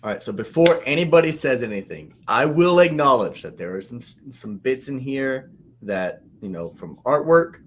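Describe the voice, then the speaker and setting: A man's voice: mid-range voice, animated, moderate pace, background noise. Hesitant man reviewing comics. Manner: hesitant, laughs while talking. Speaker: podcast co-host. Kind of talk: casual chat.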